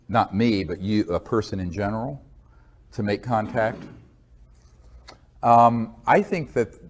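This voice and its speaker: An American man with a low voice, answering interview questions in an earnest, measured way. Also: darkish tone. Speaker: interview guest.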